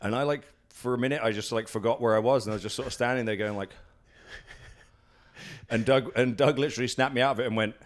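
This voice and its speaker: Fast and steady in tone, with a medium pitch, a British professional wrestler chats as an interview guest in his own home. His storytelling wanders, packed with fillers and false starts, and he acts out the things people told him.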